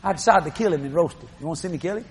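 Give voice to a calm, matter-of-fact neighbor man, as a preacher acts him out in a story. He speaks plainly, a little lower than the teller's own voice. A faint hum sits behind him. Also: racing, big-room sound, lightly acted. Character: matter-of-fact male neighbor planning to kill a duck.

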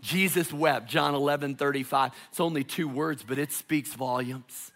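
A man preaching a sermon as pastor, delivering it dramatically, dropping to hushed tones and rising to loud calls. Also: mid-range voice, moderate pace.

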